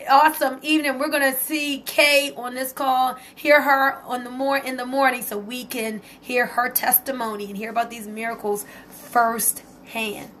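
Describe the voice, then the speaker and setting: Excited high-voiced woman. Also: normal speed, hardly any pauses, slight background noise. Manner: excited, emotional, talks to viewers and reads their comments aloud. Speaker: network marketer hosting a live stream. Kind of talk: casual Facebook Live testimony.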